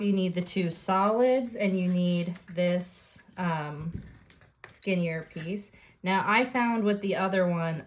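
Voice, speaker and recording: A woman with a somewhat low voice guides the listener through a paper craft project. She talks calmly and plainly, describing each step while her hands are busy with the work. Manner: calm step-by-step instructions while working. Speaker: craft tutorial host.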